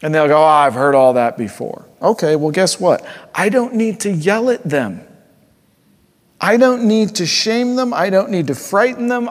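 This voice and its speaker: A man preaching a sermon with earnest conviction, dropping to a hush and then rising to fervent emphasis. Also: a little high. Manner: earnest, swings from hushed to fervent. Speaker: pastor. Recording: long hall reverb.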